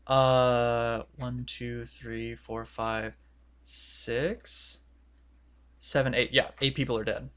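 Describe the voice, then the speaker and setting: A man's voice: mid-range voice, level tone, drawn-out words, fairly bright tone, clear, resonant tone. Rambling young man retelling a story. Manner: rambling, filler-heavy retelling with quoted voices. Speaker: podcast co-host. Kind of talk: casual podcast chat.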